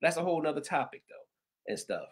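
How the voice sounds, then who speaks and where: A middle-aged man with a Southern American accent, hosting a casual chat and telling animated stories, laughing often and acting out voices. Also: a little high, fairly quick, husky. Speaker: host of paranormal news show.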